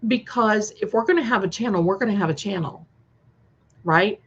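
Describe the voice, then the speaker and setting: A woman's voice: mid-range voice, moderate pace, husky. A woman chatting casually on a live stream, reacting to viewer comments with many restarts. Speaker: co-host of a live stream premiere chat. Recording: slightly dull lo-fi sound.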